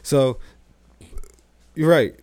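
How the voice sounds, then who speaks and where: A man's voice: mid-range voice, extremely slow, darkish tone, no room sound. A young man from New Jersey co-hosting a podcast, talking loose and profane, with lots of "like" and restarts. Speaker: podcast co-host. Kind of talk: casual podcast chat.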